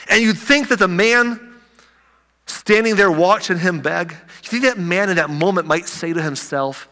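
A man preaching a sermon, animated and conversational, acting out the scripture with asides. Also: high-pitched, measured pace. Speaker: pastor. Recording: echoey hall.

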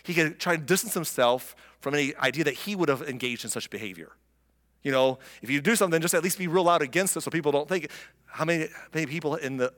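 A man preaching in a casual, wry tone that sounds like storytelling, with a somewhat high voice. His words carry a long reverb, as in a big sanctuary. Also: a bit bright. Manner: conversational, wry, acts out the characters. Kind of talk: sermon retelling scripture. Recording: long reverb of a large room.

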